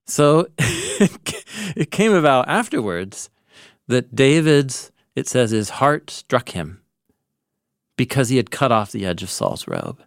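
A man co-hosting a podcast, casually walking through a Bible story and acting out its lines with animated delivery. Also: mid-range voice, slow pace, vocal fry, dry recording, studio quality. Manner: animated storyteller, acts out quoted lines with laughs. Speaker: podcast co-host, Bible teacher. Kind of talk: casual conversational Bible discussion.

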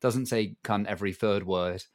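A man's voice: on the low side, normal speed, no room sound, studio quality. A man hosting a casual podcast interview, teasing his guest, laughing often and asking probing questions. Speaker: podcast host.

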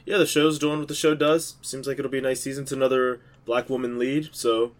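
A man's voice: medium pitch, level tone, fairly quick. A man co-hosting a podcast, telling rambling jokey stories in casual chat with lots of fillers. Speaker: podcast co-host.

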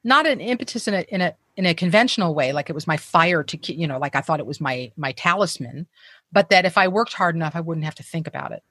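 A woman's voice: sits low, lively intonation, fast, fairly bright tone, dry recording, studio quality. A woman guest telling candid, self-deprecating stories in conversation, with frequent profanity.

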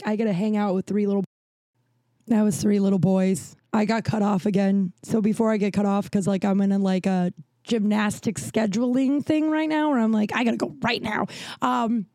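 There's no room sound around this mid-range, dark-toned voice of a woman in her forties. As a podcast host, she spins stories casually and chattily, leaning on "like" again and again.

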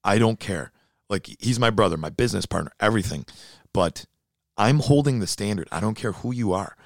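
Man, deep voice, gravelly, blunt, animated casual chat. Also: brisk, dry recording, clean studio sound. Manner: blunt and animated, gets fired up.

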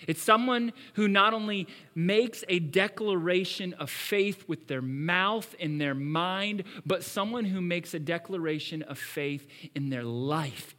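A man preaching a sermon as pastor, swinging between loud emphasis and hushed asides. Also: high-pitched, animated, takes it slowly.

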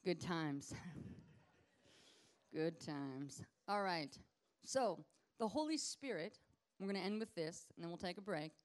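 A woman ministry leader giving an informal teaching sermon in a lively, conversational way, acting out the people she talks about. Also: mid-range voice, measured pace, long pauses. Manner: lively conversational preaching, acts out quoted people.

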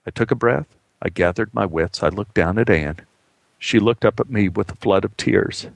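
A man telling a personal story in a measured, heartfelt way, acting out the dialogue as he goes. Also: lowish voice, creaky, no echo.

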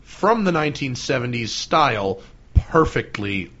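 A man's voice: medium pitch, very animated, a little slow, fairly bright tone. Casual male podcast host, curious and jokey, dull recording. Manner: curious, jokey, asks lots of questions.

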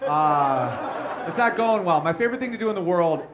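A man's voice: sits high, animated, moderate pace. A man in his thirties doing a crude, boastful stand-up set, acting out the characters in his story. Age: 30s. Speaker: stand-up comedian. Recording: noisy live room with crowd laughter.

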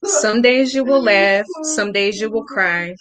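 A woman author reading her children's picture book aloud in a gentle storybook manner. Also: mid-range voice, unhurried. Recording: loud background noise.

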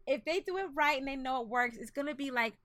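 A woman's voice: high voice, fast talker, a bit bright, no room sound. A woman co-hosting a casual chat, emphatic and laughing often. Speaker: podcast co-host.

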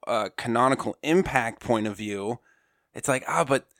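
Mid pitched guy rambling excitedly on a podcast, dry close mic. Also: no room sound. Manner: eager, rambling with many likes. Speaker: podcast co-host. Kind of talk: casual fan chat.

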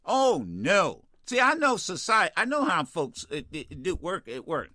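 A man's voice: sits high, huge pitch swings, moderate pace, sharp tone, no room sound, studio quality. An older man hosting a call-in radio talk show, blunt, fiery and profane with callers. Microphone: studio microphone.

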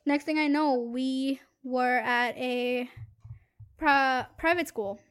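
A woman's voice: high voice, slow, clean tone. A young woman who is not a native English speaker, telling stories with many fillers and restarts in casual podcast chat. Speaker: podcast guest. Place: small studio booth.

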